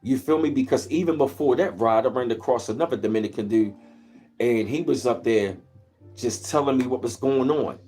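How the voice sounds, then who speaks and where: A man's voice: medium pitch, normal speed, mellow, breathy edge, soft background music. A man hosting a casual livestream, telling rambling, easygoing stories and greeting viewers in between. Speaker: livestream host. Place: at home, where he lives in Maryland.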